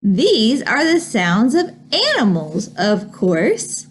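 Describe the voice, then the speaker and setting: A woman reads picture books aloud for preschoolers, very slowly, in a sing-song voice. Her pitch sits somewhat high and swings widely as she acts out animal sounds. The tone is soft and a little breathy. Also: very animated. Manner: slow, sing-song reading with animal noises. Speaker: children's librarian. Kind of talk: preschool storytime read-aloud.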